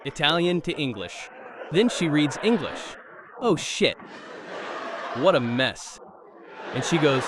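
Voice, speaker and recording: A man doing a stand-up comedy set, telling stories with lively crowd work and swearing. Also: fairly high pitch, distant mic, noisy background. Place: comedy club stage.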